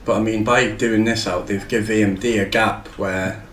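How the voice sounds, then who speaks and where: A man's voice: lowish voice, fairly even intonation, moderate pace, a bit bright, echoey room, slight background noise, poor audio. A man hosting a casual tech chat show, rambling and joking with frequent swearing. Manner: rambling, swears freely, jokey. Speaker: show host.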